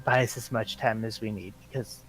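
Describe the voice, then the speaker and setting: A tabletop game player speaking hesitantly, pausing often with ums. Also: medium pitch, steady tone, fairly bright tone, faint music behind, low-quality recording. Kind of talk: casual tabletop game chat.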